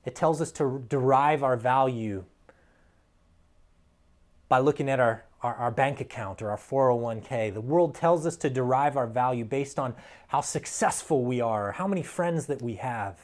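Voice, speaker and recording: Male pastor, mid-pitched voice, earnest sermon delivery that swings between hushed lines and emphatic peaks. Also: moderate pace. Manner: earnest, emphatic preaching with soft drops and rising peaks.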